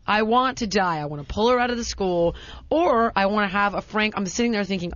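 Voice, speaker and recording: A woman's voice: medium pitch, moderate pace, pauses often, dry recording. A woman telling a casual story with dramatic, self-mocking exaggeration, rambling through restarts. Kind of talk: casual anecdote. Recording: dry, dull lo-fi sound.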